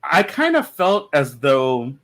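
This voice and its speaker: A man's voice: on the high side, wildly swooping pitch, takes it slowly, fairly bright tone. A man chatting on a comics podcast panel over an online call, rambling with lots of fillers and restarts. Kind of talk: casual panel discussion.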